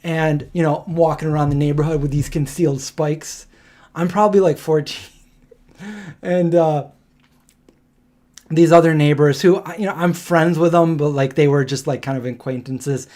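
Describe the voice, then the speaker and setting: A man's voice: on the high side, normal speed. A man, hosting a live stream and telling a rambling story, laughing as he goes. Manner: rambling and animated, laughing through his stories.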